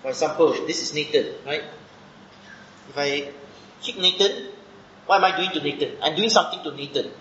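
A man's voice: a little high, moderate pace, long pauses, pushed and bright. Man teaching scripture, "right?" tag. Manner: explains step by step, asks the listeners questions, often adds a questioning "right?". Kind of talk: Bible study sermon. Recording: echoey room, dull muffled sound with faint background noise.

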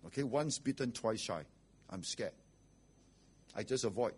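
A man's voice: medium pitch, expressive, measured pace, a little mellow, slightly rough. A man preaching a sermon as pastor, blunt and rhetorical, often asking "okay?" and "right?".

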